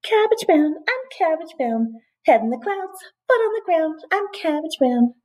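A woman's voice: high-pitched, very animated, unhurried, voice pushed up. A woman doing a plucky, stubborn little snail. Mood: sing-song. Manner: bright, sing-song, determined. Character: determined little male snail, cheerful and stubborn.

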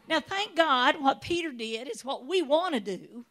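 Woman preacher, high voice, animated storytelling sermon with acted-out voices. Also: unhurried, hardly any pauses. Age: adult. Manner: animated storytelling, acts out voices of biblical figures.

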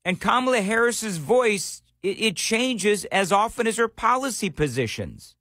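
A male talk radio host on a dry, close studio mic, his voice sitting a touch high for a man. He talks in an opinionated monologue, sarcastic and leaning on rhetorical questions. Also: very animated, unhurried, pushed and bright, no echo. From Nashville area.

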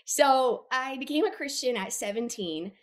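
A woman's voice: high voice, lively intonation, moderate pace. A woman guest in an interview, candidly and earnestly telling her personal story. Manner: candid, earnest, retells scenes in quotes. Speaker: guest, abuse advocacy worker.

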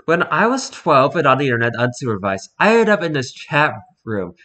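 A man casually reading social media posts aloud, dropping into quiet muttered asides between them. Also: medium pitch, sing-song, a little fast.

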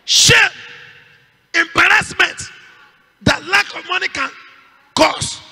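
Nigerian man, pastor, fervent vigil prayer, piercing bright shouted voice, long church reverb. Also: extremely high pitch, expressive, a little slow. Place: large church hall at a night vigil.

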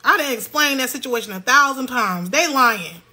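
A young woman ranting heatedly to her livestream viewers, loud, profane and repeating herself. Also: sits high, lively intonation, normal speed, breathy edge.

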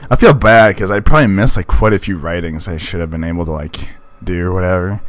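Deep-voiced rambling young gamer. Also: male voice, fast talker, soft background music. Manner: rambling, self-conscious, laughs often. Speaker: gaming YouTuber. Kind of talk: casual let's-play commentary.

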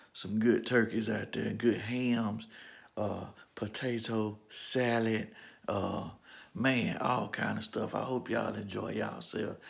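A man filming a casual family vlog in his home kitchen, talking easily to his viewers and keeping his voice down so the house stays asleep. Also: vocal fry. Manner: speaking low to keep from waking the house. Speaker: family vlogger.

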